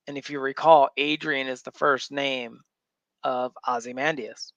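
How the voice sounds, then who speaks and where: A man's voice: mid-range voice, steady tone, moderate pace, fairly bright tone, no echo, dull audio. A man hosting a comic book show, casually retelling a story with lots of fillers and restarts. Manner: rambling, filler-heavy retelling.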